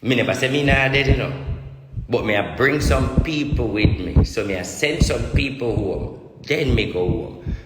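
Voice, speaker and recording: A man's voice: medium pitch, expressive, normal speed, background noise. A man with a Jamaican accent, a self-styled prophet, delivering a preachy, repetitive rant straight to his viewers. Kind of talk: ranting monologue to viewers. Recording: echoey room with long reverb.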